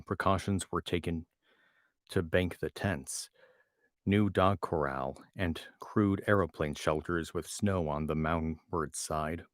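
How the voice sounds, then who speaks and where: A man's voice: low-pitched, no echo, studio quality. A man reading a novel aloud at home, often tripping over words and restarting them. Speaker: reader reacting to a novel. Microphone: home microphone.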